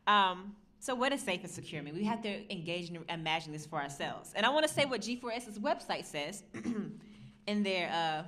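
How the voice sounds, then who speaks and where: A woman's voice: medium pitch, animated, normal speed, fairly bright tone, distant mic. A woman speaking on a panel to an audience, earnest and emphatic, asking rhetorical questions. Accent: Southern American, put on only at moments. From United States. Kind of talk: public talk to an audience. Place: lecture room at a university. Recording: roomy hall with faint ambient noise.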